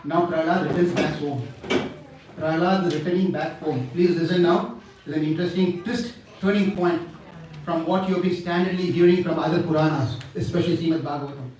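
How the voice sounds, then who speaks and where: A man telling a devotional story in an animated, dramatic sermon. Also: fairly high pitch, brisk, slight background noise. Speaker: preacher. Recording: echoey hall from far off.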